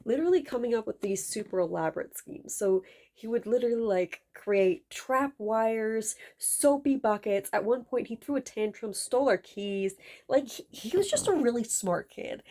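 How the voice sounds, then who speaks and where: A woman's voice: a little high, lively intonation, moderate pace, warm tone. A woman telling a character's backstory in a casual, rambling chat. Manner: rambling, lots of fillers and restarts. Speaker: video creator discussing a character.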